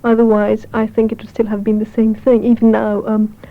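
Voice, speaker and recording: Woman in her twenties, higher voice but pretty flat, matter of fact, tinny phone-ish sound. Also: fairly quick. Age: 20s. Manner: even, matter-of-fact, light laughs. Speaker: interviewee. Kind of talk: casual personal account. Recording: thin phone-like 1970s radio recording.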